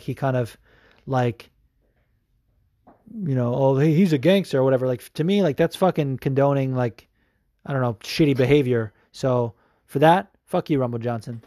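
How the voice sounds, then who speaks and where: A man's voice: medium pitch, darkish tone, dry recording, clean studio sound. A man hosting a podcast, talking casually and reading listener questions, rambling and swearing, with lots of fillers. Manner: profane, rambling, frequent fillers. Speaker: podcast host.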